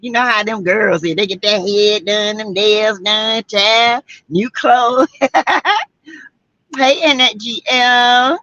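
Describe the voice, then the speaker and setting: A woman with a Southern US accent from South Carolina hosts a casual livestream, reading viewer comments and greeting people by name in a chatty way. Her medium-pitched voice is steady, slow, and sharp in tone, in a dry, lo-fi recording.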